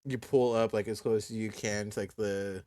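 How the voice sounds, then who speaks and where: A man narrating as game master in a casual tabletop role-playing session, with relaxed, halting speech and frequent restarts. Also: on the low side.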